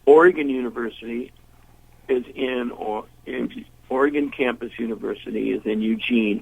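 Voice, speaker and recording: A man's voice: medium pitch, normal speed, gravelly, breathy edge, narrow, tinny audio. An older man, a blues singer interviewed as a guest, telling rambling anecdotes and acting out the voices of people in them. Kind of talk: casual storytelling interview.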